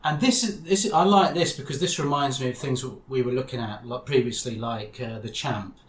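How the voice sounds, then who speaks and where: A man co-hosting a podcast, calmly discussing comic strips and agreeing with his co-host. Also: mid-range voice. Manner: measured, agreeable, adds short remarks. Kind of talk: casual chat about comics. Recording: echoey room with faint background noise.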